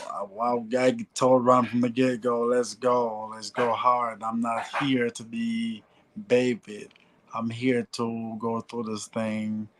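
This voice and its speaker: A Jamaican man in his forties speaks slowly, in an unhurried, level tone with little melodic movement. He stops and restarts a lot and fills his talk with "you know". His pitch sits in a middle register for a man. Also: low-quality recording. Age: 40s. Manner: halting, repeats "you know", restarts often. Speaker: guest, former heavyweight boxer. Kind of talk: casual interview talk.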